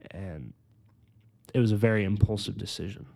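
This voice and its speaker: A man in his twenties telling his personal faith testimony on a podcast, earnest and full of "like"s, slowing down on the heavy parts. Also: fairly low pitch, gravelly. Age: 20s. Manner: earnest, filler-heavy storytelling with many "like"s; slows down and softens on emotional points. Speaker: podcast host.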